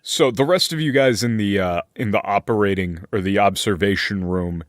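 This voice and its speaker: A man running a tabletop game as game master, setting scenes in slow, deliberate description. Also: on the low side, no room sound, clean studio sound.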